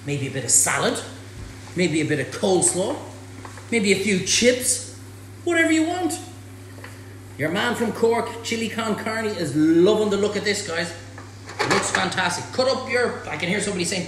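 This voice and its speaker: A man with an Irish accent hosting a live cook-along in a home kitchen, chatty and excitable, full of exclamations. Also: sits high, moderate pace. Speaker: chef host. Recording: very echoey room, faint noise.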